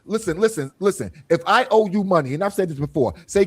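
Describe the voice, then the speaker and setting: Against a noisy background, a high-voiced man talks fast while hosting a casual group podcast. Animated and quick to laugh, he tells vivid stories in analogies, voices what others said, and repeats phrases.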